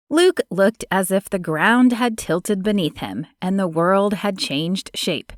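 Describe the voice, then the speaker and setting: A woman narrating a romance audiobook in a measured, gentle way, close to a studio mic. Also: medium pitch, dry recording. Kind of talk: scripted narration of a romance novel.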